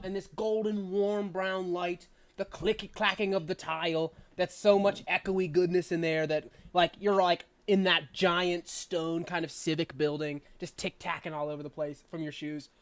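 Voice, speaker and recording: A game master narrating a tabletop game, speaking at a medium pitch. The delivery is loose and conversational, full of "um"s and "like"s. Scene-setting drifts along casually. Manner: loose, chatty narration with frequent fillers and laughs.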